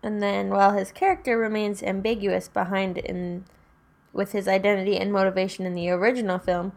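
A woman's voice: mid-range voice, little pitch movement, fairly quick, vocal fry, a little mellow. A young woman in casual chat about horror films, dry and matter-of-fact.

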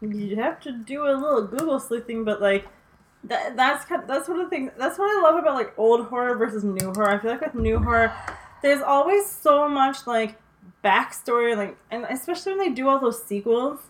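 A young woman in casual chat about horror films, animated, swearing freely and using lots of fillers. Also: on the high side, a little fast, a little hiss or hum.

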